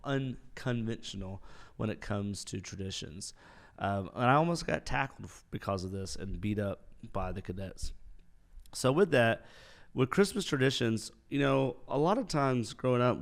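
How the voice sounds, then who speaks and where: A man talks through a solo podcast episode, wandering from one thought to the next and filling the gaps with "uh" and "like." His voice sits a little low, and he tells stories in an easy, chatty way. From Dahlonega, Georgia, US. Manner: rambling, chatty storytelling with filler words. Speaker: podcast host. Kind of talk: casual solo podcast chat.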